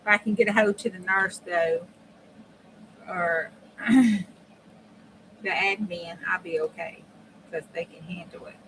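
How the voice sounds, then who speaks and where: A woman's voice: on the low side, steady tone, unhurried, pauses often, a bit bright. A woman hosts a casual craft stream, chatting and thinking aloud as she works, sometimes dropping to near-whispers. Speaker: crafting channel host. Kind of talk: casual craft livestream talk. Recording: noisy background.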